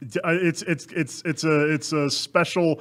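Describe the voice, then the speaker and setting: A man's voice: on the high side, steady tone, moderate pace, fairly bright tone. A man co-hosting a podcast in casual comedic chat, teasing his partner in a mock-dramatic way and laughing often. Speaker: podcast co-host.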